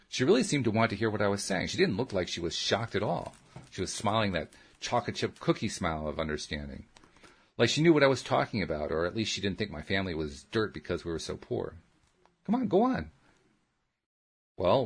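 A man's voice: low voice, husky. A man reading a first-person story aloud as an audiobook narrator, in a plain, earnest storytelling manner.

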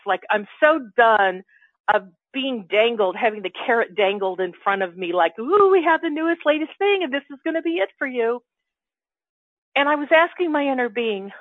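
Animated woman on a tinny phone line. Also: fairly high pitch, dry recording. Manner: animated storytelling, acting out her inner dialogue. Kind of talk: casual spiritual chat.

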